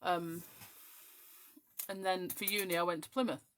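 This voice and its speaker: Her voice is fairly low, with fairly even intonation and a measured pace. She is a crafting show host in her forties from the west coast of Scotland, whose English accent carries a faint Scottish twang. While she crafts she chats casually, rambling with frequent ums.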